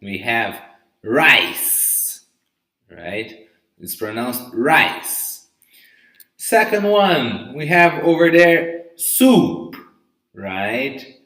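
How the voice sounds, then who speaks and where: Male English teacher, live online lesson, very slow and animated, roomy distant sound. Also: medium pitch. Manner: slow, repeats "okay?" and "right?" after each word; lifts to an upbeat "very good" between items. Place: room at home during lockdown. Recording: echoey room, mic at a distance.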